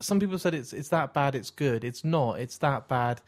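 A man's voice: medium pitch, lively intonation, normal speed. A man in casual film chat, blunt and exaggerated, swearing freely.

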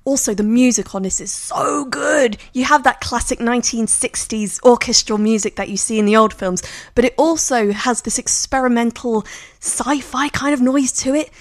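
A woman in casual conversation, describing a film she picked in an expressive, storytelling way. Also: fairly high pitch, normal speed, dry recording. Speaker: podcast co-host.

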